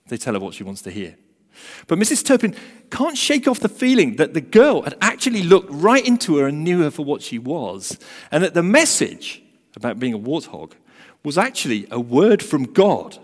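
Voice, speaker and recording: A man preaching a sermon who tells a story emphatically, swinging between loud emphasis and hushed asides. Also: a little high, big pitch swings, moderate pace. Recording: long hall reverb.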